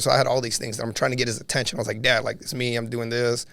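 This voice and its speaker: Gravelly man telling an earnest story. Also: medium pitch, level tone, rapid-fire, fairly bright tone. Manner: earnest, many fillers like "like" and "you know". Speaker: podcast guest. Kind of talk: personal storytelling.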